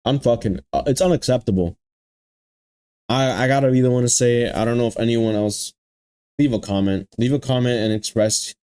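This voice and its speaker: This one moves fairly quickly, his mid-range voice smooth and mellow. The young man hosting an anime reaction channel rants at his audience in frustration, looping back on his points and using lots of slang.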